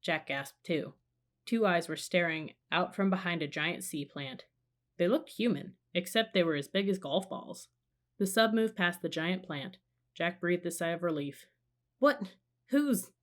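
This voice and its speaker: A woman reading a children's storybook aloud in a calm, measured narration. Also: lowish voice. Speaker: audiobook reader.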